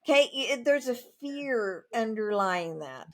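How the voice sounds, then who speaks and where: Emphatic, higher-pitched woman guest. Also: takes it slowly. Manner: emphatic, animated storytelling with plain-spoken asides. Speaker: guest author. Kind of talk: conversational interview.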